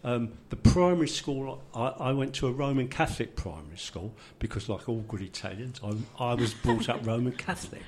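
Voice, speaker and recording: An older man speaks with a broad London accent, chatty and full of wry jokes. He wanders through long anecdotes in a relaxed, conversational way, at an even, middling pitch. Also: fairly quick, few pauses, slight background noise. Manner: chatty, joking, rambling anecdotes. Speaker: discussion participant. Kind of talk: casual group conversation.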